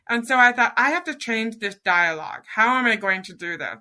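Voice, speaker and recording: Middle-aged woman guest, really bright clear voice, tells her story earnestly, acts out what she said to herself. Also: fairly high pitch, a little fast, hardly any pauses. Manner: earnest, animated storytelling with quoted inner dialogue. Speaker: podcast guest. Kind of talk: personal storytelling interview.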